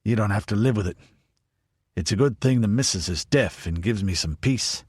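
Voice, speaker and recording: A man voicing a big, burly, older ranger, gruff and teasing. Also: on the low side, moderate pace, a little mellow, dry recording, clean studio sound.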